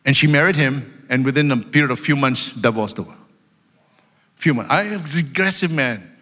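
Delivering an emphatic sermon in a big church sanctuary, this male pastor has a high, bright voice that echoes with a large hall's long reverb. His loud preaching alternates between shouts and quieter storytelling asides.

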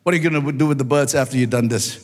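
A man's voice: medium pitch, racing, close to an everyday voice. A man voicing a kind grown man who questions a boy and offers to buy his birds. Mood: probing. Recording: long hall reverb.

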